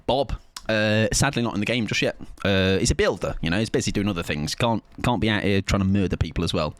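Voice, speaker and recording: A man's voice: on the low side, fast, no room sound. A man chatting casually on a live gaming stream, rambling and laughing often.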